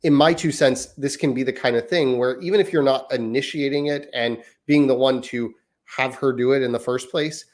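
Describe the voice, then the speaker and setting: A man's voice: medium pitch, steady tone, moderate pace. A man in his thirties co-hosting a parenting podcast, talking through ideas in long, hedging, winding sentences. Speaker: podcast co-host. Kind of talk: casual parenting chat.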